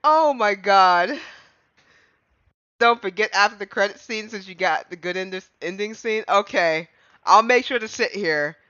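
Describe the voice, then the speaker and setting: A man streaming a game live, giggly and excitable, reading dialogue and laughing often, on muffled stream audio. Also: sits high, unhurried, clear, resonant tone, no room sound.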